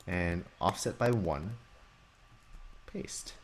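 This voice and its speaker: A man composing music on a live stream, chatting casually and talking through each software step as he works, with frequent restarts. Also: low voice, extremely slow, heavy background noise. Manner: talks through software steps while working, chatty with restarts.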